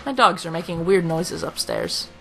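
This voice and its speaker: A young woman in her late teens with a slightly rough throat, giving dry, rambling, self-mocking commentary over a video game at home. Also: lowish voice, moderate pace, soft background music, poor audio. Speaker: let's play commentator. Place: home room.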